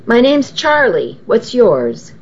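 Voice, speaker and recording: A woman voicing a kind young man who talks in a gentle, reassuring way. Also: a little high, big pitch swings, takes it slowly, full character voice. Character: kind young man, a stranger giving a ride. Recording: dull, faintly noisy recording.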